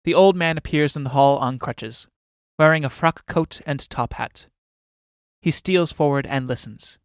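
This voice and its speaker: A man reading aloud the stage directions of a play in an even, measured way. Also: fairly high pitch, clean tone, no room sound, clean studio sound. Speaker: audiobook reader.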